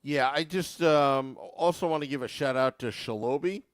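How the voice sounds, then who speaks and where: A man's voice: medium pitch, moderate pace, clean tone, dry recording, clean studio sound. A man co-hosting a sports podcast, laid-back and reading out listener comments in casual chat. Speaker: podcast co-host.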